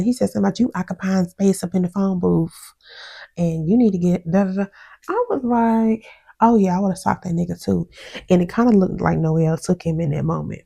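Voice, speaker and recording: Gravelly, chatty woman vlogger. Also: fairly low pitch, fairly quick. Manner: chatty and animated, quotes others with mimicry; slangy, outspoken, laughs often. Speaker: reality show reviewer. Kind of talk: casual vlog review.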